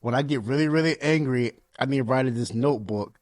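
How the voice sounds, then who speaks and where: A man in his thirties co-hosting a podcast, talking casually and earnestly, getting animated as he tells stories. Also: medium pitch, fast, no echo, clean studio sound. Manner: earnest, animated storytelling with rising emphasis. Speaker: podcast co-host. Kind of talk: casual chat.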